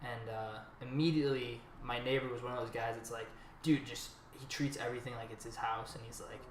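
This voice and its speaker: A man co-hosting a loose, casual podcast. He tells an animated, profane story and slips into the voices of the people in it. The room is echoey and a faint noise runs under his voice. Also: medium pitch, brisk. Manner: animated storyteller who acts out quotes, swears freely. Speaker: podcast co-host. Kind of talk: casual chat.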